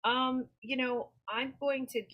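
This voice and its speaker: A woman's voice: high voice, fairly even intonation, slow, highs cut off. A woman guest on a podcast, talking candidly and emphatically in long, casual runs.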